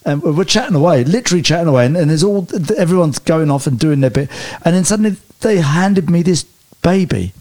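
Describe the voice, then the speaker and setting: A man telling lively personal stories as an interview guest, often stumbling and restarting mid-sentence. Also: a little high, a little fast, hardly any pauses. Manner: animated anecdotes with hesitant restarts. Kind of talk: storytelling interview chat.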